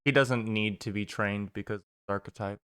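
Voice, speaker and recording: Man, game master, smooth clear voice, dry close sound, rambling descriptions. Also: fairly low pitch, steady tone, fairly quick, a bit bright, no room sound. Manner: loose, filler-heavy descriptions. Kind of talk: describing scenes and running a tabletop game online.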